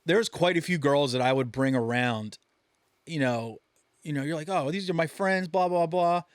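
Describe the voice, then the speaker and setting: A man's voice: on the high side, moderate pace, clear, resonant tone, no echo, studio quality. A man co-hosting a podcast, telling crude stories in casual chat and acting out the voices of the people in them. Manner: profane, animated storytelling with acted-out voices. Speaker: podcast co-host.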